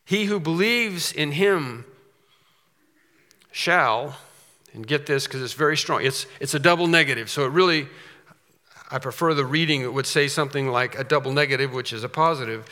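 Guy preaching a sermon, bright forceful voice, kinda high, big echoey church sound. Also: fast talker. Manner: emphatic preaching with rhetorical questions and repetition. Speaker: pastor. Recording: long reverb of a large hall.

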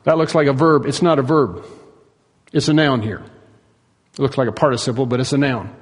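A man preaching a sermon, emphatic, rising to loud peaks and dropping to hushed asides. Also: mid-range voice, steady tone, fairly quick, breathy edge, long reverb tail. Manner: emphatic, swings between soaring and hushed. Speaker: pastor.

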